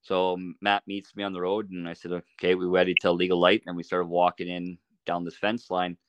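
Low-voiced man telling a hunting story. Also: normal speed, smooth, no room sound, lo-fi sound. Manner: relaxed, laughs while telling stories. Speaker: podcast guest, archery shop owner. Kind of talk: casual storytelling.

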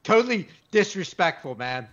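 A man with a high, bright, forward voice trades loose, profane banter on a podcast, laughing easily and swearing constantly. His audio comes through a video call and sounds slightly muffled and lo-fi. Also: big pitch swings, moderate pace. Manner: laughs often, swears freely, riffs in quoted voices. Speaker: podcast co-host.

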